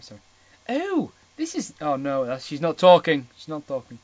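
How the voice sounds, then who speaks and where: A man reads a novel aloud on a dull, lo-fi home mic, stopping often to mock the text. His voice is husky and jumps lively up and down in pitch. He swears casually. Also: normal speed. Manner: irreverent, swears, mocks the text. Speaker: reader of a novel. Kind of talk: comic reading with asides.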